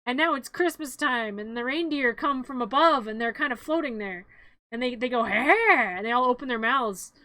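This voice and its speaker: A woman's voice: fairly high pitch, normal speed, sharp tone, dry recording. A young adult woman streamer casually retelling a movie scene by scene, in a rambling, playful way with offhand jokes.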